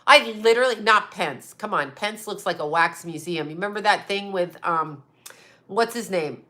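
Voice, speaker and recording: A woman's voice: mid-range voice, normal speed, pushed and bright. A woman hosting a psychic livestream, chatting casually and bluntly with viewers, rambling and often laughing. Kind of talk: casual live chat reading viewer comments.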